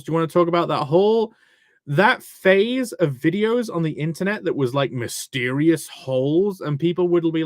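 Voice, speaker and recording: A man chats casually on a live stream, reading out viewer messages, joking around, and swearing freely in a rambling way. His fairly high voice has a studio-quality, dry sound with no room tone.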